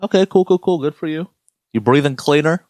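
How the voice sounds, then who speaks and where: A young American podcast co-host chats casually, ranting, swearing a lot and telling stories with energy. His pitch is fairly high and he speaks briskly. The recording is dry.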